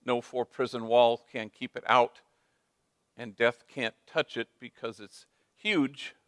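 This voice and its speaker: Brief: male priest telling stories on stage, lively, drops Spanish phrases, dry close sound. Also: medium pitch, takes it slowly, no echo. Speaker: priest and speaker. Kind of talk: storytelling talk.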